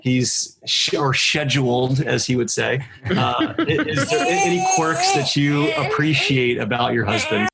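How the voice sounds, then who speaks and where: A friendly man hosts a casual podcast interview with an upbeat manner. His voice sits at an ordinary middle pitch. He speaks straight to the listeners. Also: huge pitch swings, measured pace, vocal fry, a loud crowd. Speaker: podcast host.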